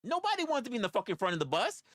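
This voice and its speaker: A man's voice: very high-pitched, huge pitch swings, racing, fairly bright tone, dry recording, clean studio sound. A man, rambling through profane stories on a casual livestream. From New York. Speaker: livestream host.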